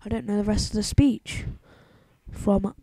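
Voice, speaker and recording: A woman's voice: medium pitch, steady tone, measured pace, mellow, no echo. Hyper, rambling teenage girl. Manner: hyper, rambling, says "like" a lot. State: sick. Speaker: gaming YouTuber. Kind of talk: casual gameplay commentary.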